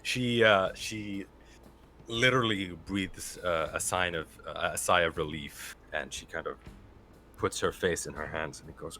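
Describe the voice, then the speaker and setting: Deep-voiced man running a tabletop game. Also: fairly even intonation, a little slow, bright, forceful tone, slight background noise. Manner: casual narration with hesitant fillers. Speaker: game master.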